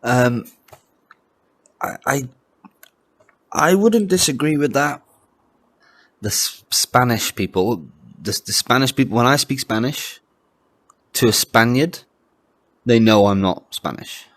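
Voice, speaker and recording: A man's voice: mid-range voice, animated, slow, long pauses, a bit bright, no echo. A Welsh-born man co-hosting a casual podcast chat, laughing often and restarting his sentences. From Wales. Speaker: podcast co-host.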